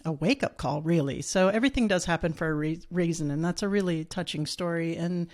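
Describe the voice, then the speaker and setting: A woman's voice: lowish voice, fairly quick, a little mellow. A woman hosting a podcast interview, responding in an affirming, conversational way. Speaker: podcast host.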